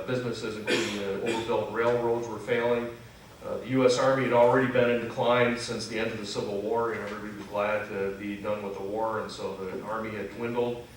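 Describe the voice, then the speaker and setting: At a freethought congregation, a male lecturer gives an unscripted, conversational history talk to an audience in a meeting hall, using frequent "uh" fillers, correcting himself and posing questions to listeners. His voice is lowish, with a faint hiss or hum. The hall is very echoey and the mic is distant.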